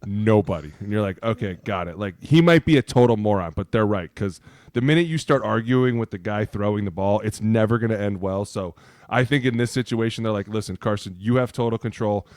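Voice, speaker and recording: Animated former lineman telling stories. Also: on the low side, fairly quick, dry recording, clean studio sound. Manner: animated storyteller, acts out quotes, says "right?" a lot. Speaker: podcast guest, former NFL offensive lineman. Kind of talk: casual sports chat.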